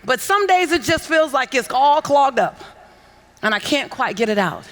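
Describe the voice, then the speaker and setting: A woman giving a motivational keynote on a conference stage, coaxing the audience into call-and-response and building to shouts with repeated phrases. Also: high voice, very animated, moderate pace. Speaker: motivational speaker. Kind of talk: keynote speech to a conference crowd. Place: large conference hall on stage.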